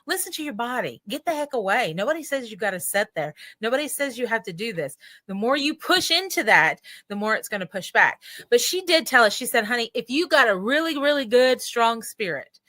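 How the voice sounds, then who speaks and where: A woman's voice: a little high, brisk, no room sound. A woman with an Appalachian accent, a psychic medium guest chatting casually in an interview and acting out the voices of people she quotes. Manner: animated storyteller, acts out quoted voices.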